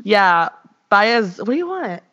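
Young woman podcast co-host, rambly and giggly, average pitch, muffled low-fi sound. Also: very animated, slow, a bit bright. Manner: giggly, rambling, self-interrupting. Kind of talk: casual chat. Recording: dull lo-fi audio.

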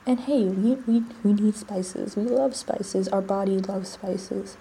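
A woman's voice: medium pitch, steady tone, takes it slowly, mellow, slight background noise, low-quality recording. A young woman hosting a casual solo podcast, chatty, with frequent restarts and the odd drop to a whisper. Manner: chatty, restarts often, drops to a whisper at times. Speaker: podcast host.

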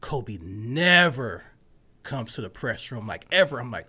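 A man telling a story in a casual podcast chat, with a lively delivery that drops to hushed asides and bursts into loud laughs. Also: medium pitch, moderate pace, background noise. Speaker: podcast host and sports reporter.

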